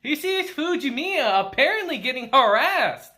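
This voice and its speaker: Male anime reviewer, slangy casual recap, bright tone, lots of pitch movement. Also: moderate pace. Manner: laughs often, slangy and animated.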